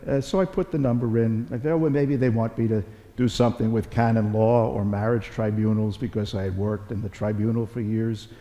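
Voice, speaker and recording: In a big church with lengthy reverb, a middle-aged bishop preaches a conversational Mass homily, weaving in homespun stories, repeated lines, and jokes at his own expense. His voice is warm and mid-range.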